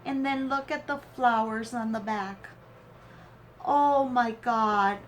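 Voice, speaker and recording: A woman with a slightly high, steady voice hosts a crafting channel and opens a swap gift, gushing over it slowly with teary gratitude and awe. There's slight background noise.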